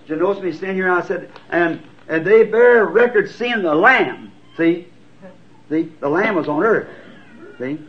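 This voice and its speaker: Southern preacher, fifties, high tenor, earnest folksy delivery, dull old tape. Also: male voice. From United States. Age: 50s. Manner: earnest, folksy, self-deprecating. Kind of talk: sermon answering written questions. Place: church sanctuary. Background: congregation answering amen.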